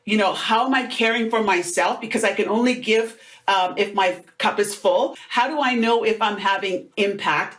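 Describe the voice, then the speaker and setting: A middle-aged woman, a motivational speaker, telling stories in an animated, conversational way during an interview. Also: mid-range voice. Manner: animated, acts out quoted voices.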